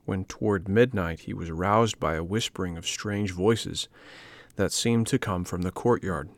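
A man reading a children's storybook aloud as narrator, in a measured, plain way. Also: fairly low pitch, no room sound.

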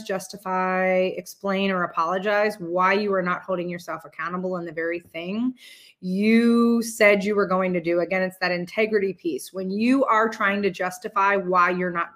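Candid woman giving a casual motivational talk. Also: mid-range voice. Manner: candid, swears casually, animated with many restarts. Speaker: host.

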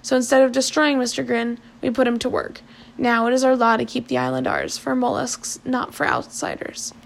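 A woman reading the lines of a stern, bitter old island chief in a grave, measured, slightly hushed voice, her own voice high and a little gravelly.

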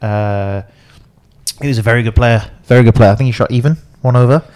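Male co-host, animated storyteller, casual chat. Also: medium pitch, clear, resonant tone. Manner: animated storyteller, quick laughs, acts out quotes. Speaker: podcast co-host and caddie.

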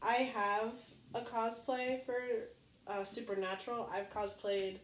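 A woman's voice: medium pitch, fairly even intonation, a little slow. A woman cosplayer chatting eagerly with friends about costumes. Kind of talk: casual chat. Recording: echoey room with faint hiss.

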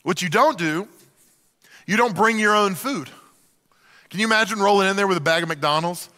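A middle-aged man preaching a sermon to a church, telling humorous, animated stories with acted-out asides. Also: high voice, normal speed, big-room sound. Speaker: pastor.

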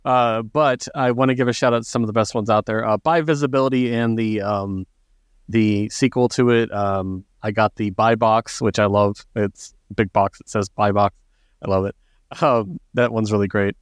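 A man's voice: lowish voice, fairly even intonation, moderate pace, smooth, no echo. A man hosting a podcast, friendly and upbeat as he wraps up the episode. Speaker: podcast host. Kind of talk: casual podcast chat.

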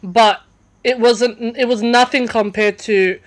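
A woman's voice: fairly high pitch, fairly even intonation, slow. A young woman, a podcast guest, telling a story in a casual chat, with lots of fillers and restarts. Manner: chatty, many fillers and restarts.

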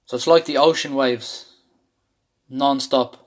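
A man's voice: mid-range voice, steady tone, slow pace. Candid man telling a raw personal story. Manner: candid, intense, swears freely. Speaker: speaker sharing a personal story.

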